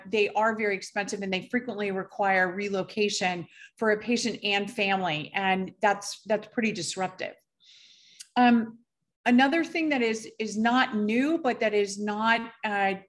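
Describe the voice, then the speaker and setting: A middle-aged woman physician giving a conference presentation, speaking in a measured, careful way with frequent fillers and pauses. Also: on the high side.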